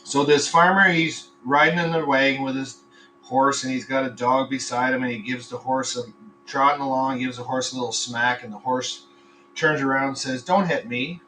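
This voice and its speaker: A man's voice: medium pitch, flat delivery, moderate pace, bright, forceful tone, distant mic, a little hiss or hum, low-quality recording. A man hosting a casual live podcast, rambling between topics, swearing freely and telling crude jokes. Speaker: podcast host. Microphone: computer microphone.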